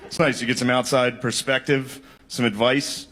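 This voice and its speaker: A man's voice: mid-range voice, level tone, moderate pace, a bit bright. A male stand-up comedian telling crude, rambling stories, often breaking into laughter. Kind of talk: stand-up set.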